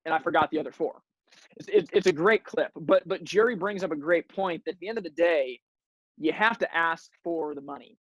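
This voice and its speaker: A man's voice: a little high, a little fast, a bit bright, no room sound, rough recording. A man hosting a sales training webinar, coaching his audience with energy and often repeating words as he starts a sentence. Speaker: webinar host.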